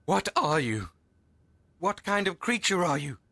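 A furious protective brother. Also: male voice, high voice, very animated, measured pace, creaky, slight background noise, heavily acted. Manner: shouting threats, furious. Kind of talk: dubbed TV drama.

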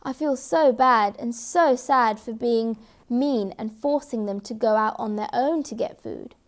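A woman's voice: a little high, measured pace. A woman voicing Fluffy the cat. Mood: remorseful. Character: bossy then remorseful male cat.

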